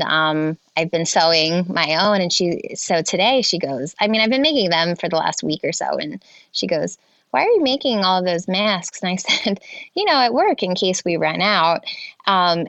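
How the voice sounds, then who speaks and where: A woman in her thirties, a healthcare worker and mother, talking casually with halting restarts and light laughs. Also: lowish voice, fairly bright tone, no echo, highs cut off. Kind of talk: casual conversation.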